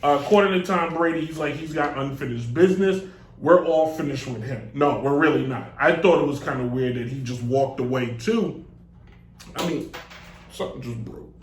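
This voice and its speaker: A man hosting a live sports talk show, rambling and joking in a loose, animated way. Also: medium pitch, normal speed, slight background noise. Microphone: desk mic on a stand. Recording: echoey room.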